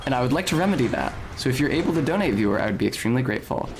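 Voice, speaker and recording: A man's voice: mid-range voice, very animated, racing, gravelly, background noise. A man streaming a video game, narrating his play in a wry, casual way and swearing now and then. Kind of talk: casual gameplay commentary.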